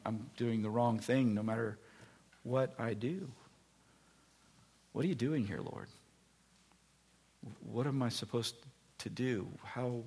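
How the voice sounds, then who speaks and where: Here a man preaches in a mid-range voice with vocal fry and a breathy edge. His sermon is animated storytelling, and he voices the people in his tales himself.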